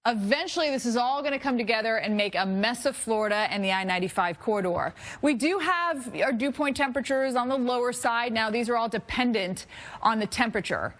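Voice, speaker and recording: A middle-aged woman presenting a live TV weather forecast, lively and chatty, laughing at her own slips. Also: on the high side, a little fast.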